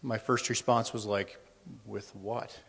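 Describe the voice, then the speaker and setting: A middle-aged man with a lowish, creaky, fairly bright voice speaks slowly and in a level tone while sharing a personal testimony with a church congregation. His conversational delivery has a nervous edge, with many ums and restarts. The church hall lends a long reverb.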